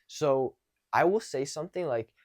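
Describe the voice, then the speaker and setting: A man with a fairly high voice at normal speed coaches social confidence, talking casually to the camera. He is animated and acts out example conversations, speaking in a loose, conversational way with frequent restarts.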